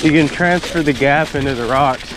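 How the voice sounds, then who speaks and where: This man's voice sits fairly high and moves at a normal speed as he talks casually into an action camera outdoors, biking through wooded trails. Noise from the outdoor recording comes through.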